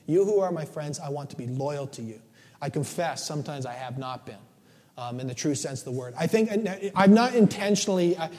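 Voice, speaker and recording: A middle-aged male preacher delivers a conversational, joking sermon in church, often checking in with "right?". His voice is a little high and mellow, with long church reverb on the recording.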